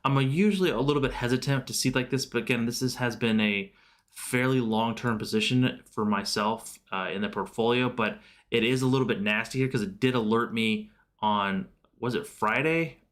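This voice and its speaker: A man's voice: medium pitch, normal speed, fairly bright tone. A man hosting a casual live stream about stocks, loose and chatty with lots of fillers, answering viewers' questions. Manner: loose and chatty, many fillers and self-corrections. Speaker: livestream host.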